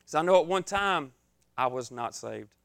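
A man's voice: fairly high pitch, expressive, normal speed, creaky, fairly bright tone, clean tone, no room sound. A young man preaching an informal, joking sermon, acting out his own scared reactions.

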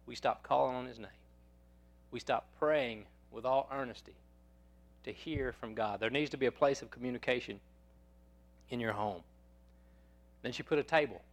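Preacher man with a mid-pitched voice, folksy storyteller in a sermon. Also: moderate pace, pauses often. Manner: folksy storyteller, repeats words as he goes.

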